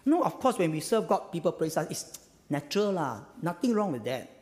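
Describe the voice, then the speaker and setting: A male pastor with a Singaporean English accent preaching a sermon. He talks in an animated, conversational way, drops "ah" and "lah" at the ends of phrases and keeps asking the congregation rhetorical questions. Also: fairly high pitch, fairly quick. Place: church hall. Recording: long hall reverb.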